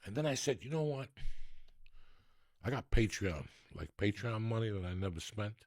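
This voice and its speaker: A man's voice: on the low side, normal speed, no echo, studio quality. A man, telling rambling, profane comic stories as a podcast host. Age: 60s. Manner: profane, rambling, animated storyteller. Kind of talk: storytelling comedy rant.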